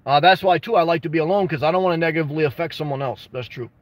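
A man hosting a casual livestream, answering viewer comments with blunt, jokey advice and bursts of excitement. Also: a little high, racing, dry recording. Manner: reads and responds to viewer comments. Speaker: livestream host answering chat.

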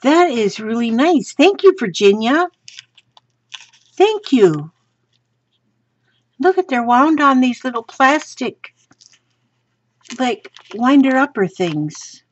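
A woman chatting to viewers from her home craft room, gushing and excitable as she shows craft supplies. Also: sits high, slow pace, long pauses, husky. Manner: gushing and excitable, talks to viewers while handling items. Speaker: craft vlogger. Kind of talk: casual unboxing chat. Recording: slightly dull lo-fi sound.

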